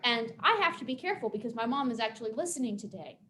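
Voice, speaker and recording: A young woman telling a folk tale to children and then teaching them simple words, expressive and careful. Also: fairly high pitch, a little hiss or hum. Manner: expressive, dramatic storytelling to children; slow, careful pronunciation drills. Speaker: storyteller and teacher. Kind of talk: children's storytime reading and teaching.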